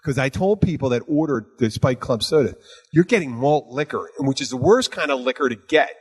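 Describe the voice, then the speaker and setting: A man chatting casually as co-host, animated and ranting, swearing freely. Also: medium pitch, fairly quick, husky. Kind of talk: casual chat.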